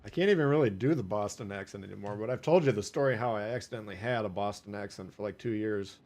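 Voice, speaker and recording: A man's voice: lowish voice, quick pace, a little mellow. A man streaming live gameplay, chatting casually with viewers, swearing and laughing as he plays.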